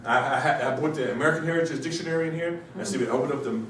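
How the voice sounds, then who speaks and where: A man with a cold, his voice a little high and fairly bright, rushes very fast through a rambling classroom lecture at a university, throwing rhetorical questions at students. The mic is distant, the room very echoey, and a faint hiss sits underneath.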